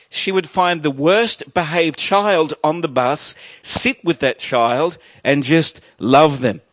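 A male pastor delivers a sermon, his voice rising loud on key points and sinking low and slow as he tells a story. The recording is dry.

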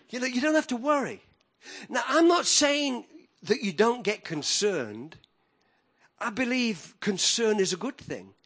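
A middle-aged man preaching a sermon, with animated, emphatic delivery that rises in bursts. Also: mid-range voice, breathy edge.

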